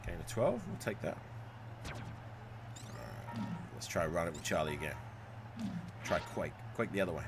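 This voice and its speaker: Lively, cursing male game streamer. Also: sits low, moderate pace, pauses often, music in the background. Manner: swears and shouts at the game, chats with viewers. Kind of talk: live gameplay commentary.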